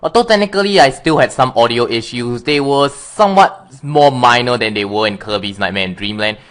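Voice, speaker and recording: A man's voice: medium pitch, lively intonation, fairly quick, fairly bright tone. A man being interviewed as a guest, rambling and often correcting himself. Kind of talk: casual interview chat.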